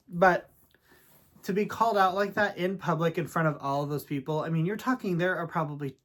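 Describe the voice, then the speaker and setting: A man's voice: on the high side, moderate pace, a bit bright. A man vlogging in a casual storytelling style, chatty and sassy with dramatic asides. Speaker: vlogger and real estate agent.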